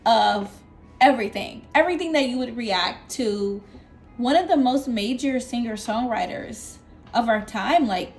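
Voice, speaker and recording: Young woman, high-pitched, animated storytime vlog, exclamatory, soft background music. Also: unhurried. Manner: animated, exclamatory, with laughs and squeals. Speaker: vlogger telling a story. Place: at her desk indoors.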